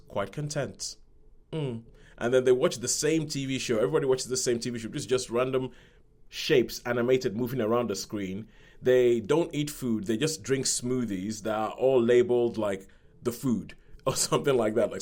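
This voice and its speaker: Casual male podcast film reviewer, mid pitch, rambling and quick to act out quotes. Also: a little mellow. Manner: rambling, repeats words, acts out quoted lines.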